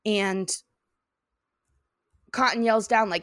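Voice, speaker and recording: A woman's voice: fairly high pitch, animated, measured pace, a bit bright, no room sound, studio quality. A woman co-hosting a podcast, animatedly recapping a cartoon episode and laughing often. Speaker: podcast co-host.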